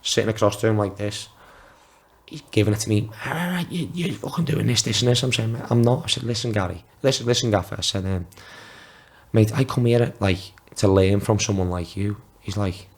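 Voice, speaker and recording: A man's voice: fairly low pitch, steady tone, brisk, darkish tone. A man in his twenties, a former footballer guest on a podcast, telling casual anecdotes and acting out quotes in a raised voice, swearing freely. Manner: swears freely, talks in restarts. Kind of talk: casual storytelling.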